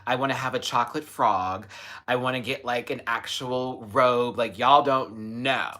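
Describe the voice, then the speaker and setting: A man hosting a casual live stream, gushing and chatty, with sudden high squeals of excitement. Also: a little slow. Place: home, in Los Angeles.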